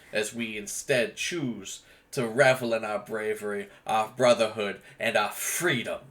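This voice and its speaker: A man voicing a fiery male vampire cult preacher who declaims slowly and rousingly to his flock. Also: mid-range voice, fairly bright tone, close to an everyday voice.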